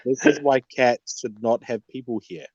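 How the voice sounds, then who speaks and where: A man's voice: medium pitch, normal speed, a little mellow, slightly rough, no room sound, highs cut off. A man co-hosting a livestream, chatting casually and tossing in dry, blunt quips. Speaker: livestream co-host. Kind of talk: casual chat.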